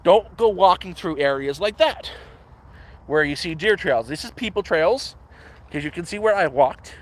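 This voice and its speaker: A man's voice: high voice, lively intonation, moderate pace. Blunt, profane man livestreaming outdoors. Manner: blunt, profane, frank advice giver. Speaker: livestream host living outdoors. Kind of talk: casual live-stream chat. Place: outdoors in woods near a camp.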